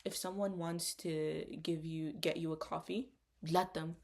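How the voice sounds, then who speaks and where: A woman's voice: low-pitched, fairly even intonation, a little slow, vocal fry, darkish tone. A young woman co-hosting a casual podcast chat, talking in an earnest, encouraging way. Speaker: podcast co-host.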